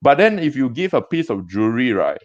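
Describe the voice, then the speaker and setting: A man with a Singaporean English accent, a gem business owner telling stories in a casual interview, chatty and halting with many restarts. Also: medium pitch, very animated, no echo. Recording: dull dry lo-fi sound.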